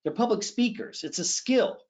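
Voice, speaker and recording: A middle-aged man teaching public speaking in a live online session, energetically demonstrating phrases with sudden shifts in pitch and pace. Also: lively intonation, normal speed.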